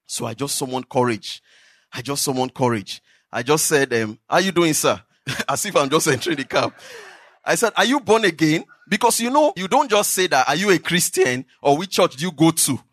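Nigerian guy preaching, chatty storytelling, bit high voice. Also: fairly quick, slightly rough, no echo, studio quality. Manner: animated storytelling with laughter. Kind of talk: sermon testimony. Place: church.

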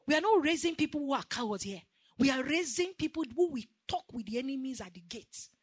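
High bright Nigerian woman preaching. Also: husky, dry recording, clean studio sound. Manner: emphatic, call-and-response with the congregation. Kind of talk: sermon.

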